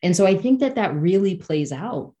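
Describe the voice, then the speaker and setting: A woman in casual podcast conversation, reflective and animated, with many fillers and restarts. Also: mid-range voice, normal speed.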